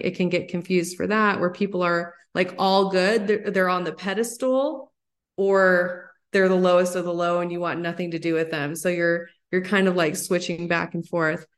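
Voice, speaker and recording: A woman in her thirties, a psychologist guest on a podcast, explaining ideas in an animated, excited way. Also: fairly low pitch, normal speed. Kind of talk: podcast interview.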